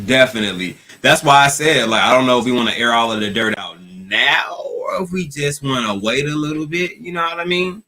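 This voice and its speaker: A man's voice: mid-range voice, sharp tone. A man hosting a casual livestream, talking loosely and with slang straight to his viewers. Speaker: livestream host.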